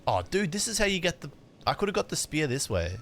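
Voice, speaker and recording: With slight background noise in the mix, a young man plays a game on stream and casually chats with viewers. His voice is on the high side, fairly quick. He keeps joking and erupts into sudden excited outbursts.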